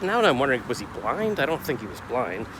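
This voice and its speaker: A man's voice: mid-range voice, very animated, fast talker. Rambling middle-aged man, street noise behind. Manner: rambling, self-questioning, gets heated retelling the clash. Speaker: vlogger. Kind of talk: casual confessional vlog.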